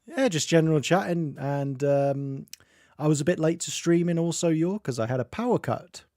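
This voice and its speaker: A man's voice: on the high side, moderate pace, dark tone, no echo, studio quality. A man streaming and chatting casually, reading chat aloud and laughing often.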